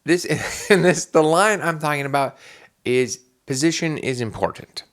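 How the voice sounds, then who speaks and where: This podcast co-host has a somewhat high voice and keeps a measured pace in casual chat. His rambling story is full of restarts and bursts of laughter, and he turns animated when acting out scenes.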